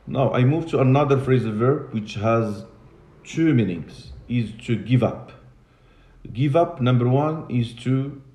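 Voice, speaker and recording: A man's voice: mid-range voice, mellow. Man teaching in an echoey classroom. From Morocco. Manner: patient, repeats and spells words, switches into Arabic and French. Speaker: English teacher. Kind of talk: classroom lesson.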